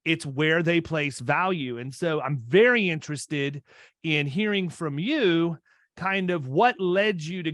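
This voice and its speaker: A man's voice: fairly high pitch, fairly bright tone, no echo, studio quality. A man in his fifties hosting a podcast interview, chatting casually and often restarting his sentences. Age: 50s. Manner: rambling, restarts mid-sentence. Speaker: podcast host.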